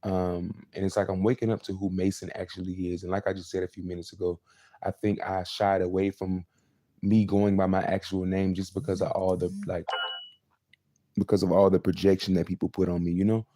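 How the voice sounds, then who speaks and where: Young guy rambling on his own live show, deep dark voice, dry sound. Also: level tone, fairly quick, no echo. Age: 20s. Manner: rambling and repetitive, many fillers. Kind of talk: casual confessional monologue.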